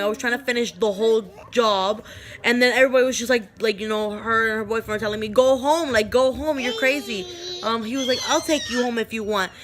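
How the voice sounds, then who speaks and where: A woman's voice: mid-range voice, a bit bright. A young woman vlogger telling a personal story in a rambling, chatty way, acting out what people said. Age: young adult. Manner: rambling, chatty, full of "like" and acted-out quotes. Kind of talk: casual storytelling.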